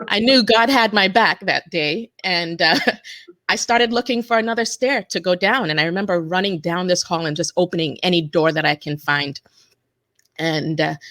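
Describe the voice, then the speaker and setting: Casting: low-voiced woman, halting personal testimony, dry close sound. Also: a bit bright, no room sound. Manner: halting, with restarts and self-corrections. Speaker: interview guest, attack survivor.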